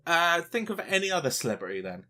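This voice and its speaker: A man's voice: on the high side, very animated, fast, bright, forceful tone. A man co-hosting a casual podcast, ranting with lots of swearing and mocking quotes of other people. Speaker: podcast co-host.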